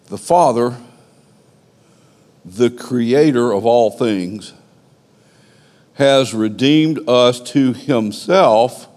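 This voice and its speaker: A man's voice: mid-range voice, darkish tone, in a large hall. A man preaching a sermon as the pastor of a church, with an emphatic, repetitive cadence. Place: church sanctuary.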